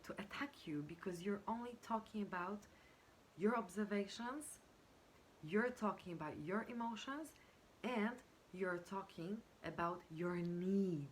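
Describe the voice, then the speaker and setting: A woman coaching on communication, explaining step by step in a measured way with frequent pauses and fillers, now and then acting out example sentences. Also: mid-range voice, slight background noise. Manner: measured, pausing with fillers, acts out example phrases. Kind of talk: explanatory teaching talk.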